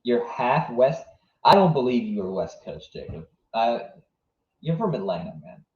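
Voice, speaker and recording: A man's voice: mid-range voice, big pitch swings, moderate pace, a little mellow. A young man streaming live, chatting casually with his viewers and hesitating often. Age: young adult. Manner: hesitant, lots of ums and restarts. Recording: roomy, dull lo-fi sound.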